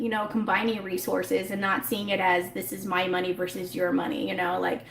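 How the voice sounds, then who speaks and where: A woman's voice: medium pitch, reverberant, a little hiss or hum. A woman hosting a casual livestream, reading and answering viewer comments in a rambling, chatty way, talking into her phone. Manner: chatty and rambling, laughs often. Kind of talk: casual live chat.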